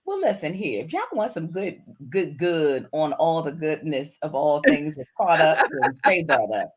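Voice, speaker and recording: A woman's voice: sits low, big pitch swings, a little slow. A woman co-hosting a casual talk show, enthusiastic and persuasive, laughing often as she talks. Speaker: co-host. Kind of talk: casual chat.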